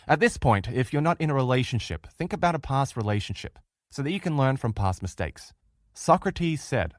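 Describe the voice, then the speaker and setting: Speaking quickly with lively intonation, a middle-aged Australian man with a mid-range voice delivers a relationship-course lecture. He's earnest and emphatic, addressing listeners directly, in a studio-quality recording without echo.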